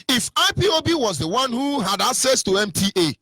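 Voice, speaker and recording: Fiery Nigerian man, high lively voice. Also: a little fast, no echo. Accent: Nigerian English. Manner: fiery, repetitive chanting, swings from shouting to mock whispers. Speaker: radio presenter. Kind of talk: impassioned political monologue.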